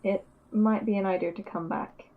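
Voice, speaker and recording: A woman playing an investigator in a tabletop game, questioning calmly and patiently. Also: mid-range voice, narrow, tinny audio. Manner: calm, measured, patient questioning. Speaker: player.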